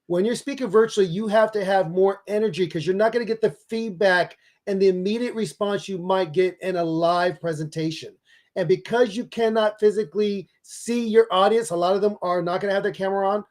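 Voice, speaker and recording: Man, high-pitched, public speaking expert, energetic, emphatic, interview advice. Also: fairly quick. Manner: energetic, emphatic coaching delivery.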